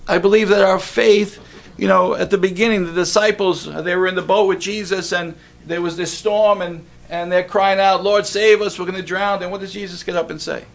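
A man's voice: sits high, steady tone, fairly quick, gravelly. A man preaching a sermon in a church, talking in a conversational way and asking the congregation questions.

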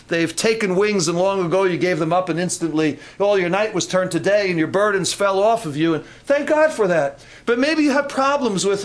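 A man preaching a conversational sermon with humorous asides and frequent restarts, rising into fervent emphasis. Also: high-pitched.

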